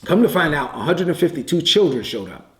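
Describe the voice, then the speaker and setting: A man's voice: a little high, very animated, a bit bright. Echoey preacher man telling a story. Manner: conversational, repeats words, quick bursts. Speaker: pastor. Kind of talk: sermon storytelling. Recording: echoey room.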